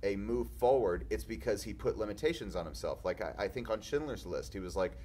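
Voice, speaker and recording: A man's voice: on the low side, animated, a little fast, mellow, a little hiss or hum. A man, a film director, chatting casually and rambling through anecdotes with many restarts and stammers. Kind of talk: casual chat.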